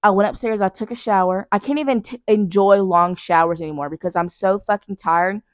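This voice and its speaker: A woman's voice: medium pitch, brisk, no room sound, studio quality. A young woman hosting her own podcast from her couch at night, talking in a blunt, profane, rambling and self-mocking way. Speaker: podcast host. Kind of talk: casual solo podcast chat. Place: living room couch at night.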